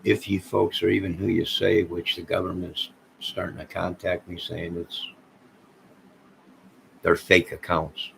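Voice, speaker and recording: A man's voice: sits low, little pitch movement, a little slow, creaky, a bit bright, slight background noise, rough recording. A man streaming live late at night, rambling in a conspiratorial way and talking straight to his chat.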